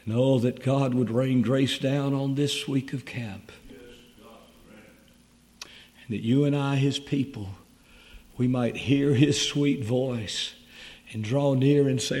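A man's voice: mid-range voice, fairly even intonation, takes it slowly, pauses often, darkish tone. A man preaching a sermon at a camp meeting, earnest and pleading.

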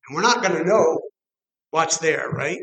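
A middle-aged man preaching a sermon in an animated way, acting out the people he quotes and chuckling often. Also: fairly high pitch, unhurried, creaky, rough recording.

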